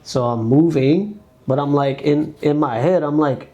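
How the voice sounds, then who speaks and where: The lo-fi recording captures a young adult American man, a dancer guest on a podcast, telling a story in a casual, animated style. He acts out what people said, uses many fillers, and speaks a little slowly in a slightly high voice.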